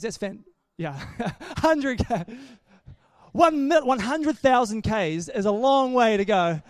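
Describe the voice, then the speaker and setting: Guy preaching a laid-back sermon, pretty high voice, jokey, keeps restarting. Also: no room sound, clean studio sound. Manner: chatty and joking, with many restarts. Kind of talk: casual sermon.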